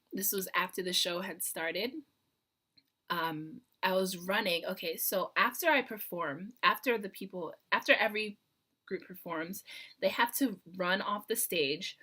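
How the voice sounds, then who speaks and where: A young woman chatting to her camera in a casual vlog, bright and lively in tone. She tells her story excitably, breaking into giggles and filling pauses with "um" and "like.". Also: mid-range voice. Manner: excitable, giggly, lots of fillers. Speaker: vlogger.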